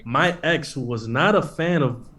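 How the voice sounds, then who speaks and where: A man's voice: a little high, a little slow, a bit bright, distant mic, faint music behind. A man co-hosting a casual podcast chat, enthusiastic and casually profane. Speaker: podcast co-host.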